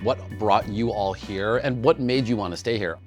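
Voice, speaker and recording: Deep voiced interview host asking questions, bit of music underneath. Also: male voice, normal speed, darkish tone. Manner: curious, short affirming replies.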